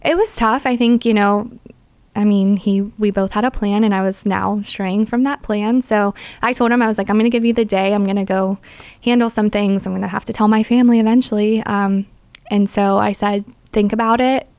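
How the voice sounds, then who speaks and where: A woman's voice: medium pitch, steady tone, brisk, darkish tone, smooth, dry recording. A young adult woman sharing a personal faith testimony as an interview guest, earnest and full of "like" fillers.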